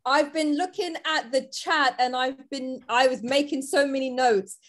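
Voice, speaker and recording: A woman's voice: high voice, a little slow. A woman on a live video call panel, speaking earnestly and articulately in praise of the guests. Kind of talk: heartfelt live discussion.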